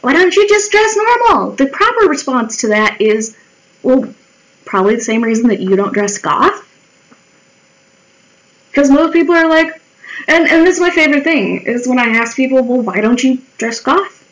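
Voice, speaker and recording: Young woman, vlog chat while drawing, blunt and sweary, slightly high voice. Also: lively intonation, normal speed, long pauses, rough recording. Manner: candid, swears freely, mimics others' voices. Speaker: vlogger.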